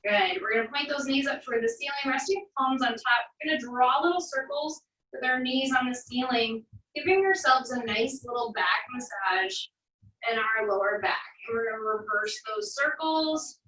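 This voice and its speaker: A woman fitness instructor calmly guiding a stretching cool-down, with encouraging cues and wry little asides. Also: on the high side, moderate pace, distant mic. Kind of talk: guided barre cool-down instruction. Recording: echoey room, voice from off-mic.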